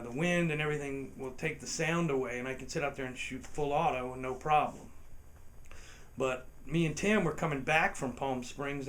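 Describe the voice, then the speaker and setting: A man recounts a wild story in a loose, conversational way, swearing freely and laughing between lines. He keeps slipping into other people's voices, and his own voice sits on the higher side. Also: a bit bright. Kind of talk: casual comic anecdote.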